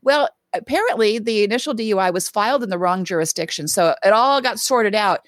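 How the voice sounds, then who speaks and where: A woman co-hosting a casual sports podcast, talking in an animated, sarcastic ranting manner. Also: medium pitch, fairly quick, dry recording, clean studio sound. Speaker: podcast co-host.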